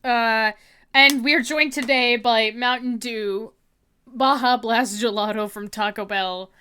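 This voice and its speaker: Give me a playful, rambling woman streamer with a bright, forceful voice. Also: on the high side, fairly even intonation, takes it slowly, smooth. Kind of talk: casual livestream chat.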